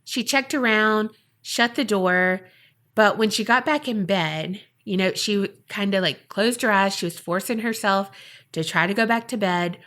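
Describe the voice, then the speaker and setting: A woman podcast host tells a spooky story in a relaxed, conversational way. She builds suspense with dramatic pauses and loose, chatty asides. Her voice sits at a middling pitch. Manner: chatty, dramatic, filler-heavy. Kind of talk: casual storytelling.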